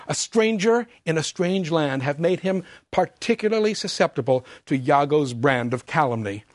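A man giving a scripted opera talk, expressive and emphatic, setting the scene in measured storytelling. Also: a little high, dry recording, clean studio sound. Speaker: opera lecturer.

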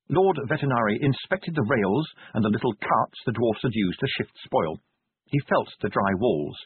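A man narrating an audiobook in a measured, wry manner. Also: medium pitch, expressive, husky. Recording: tinny phone-like band, dry.

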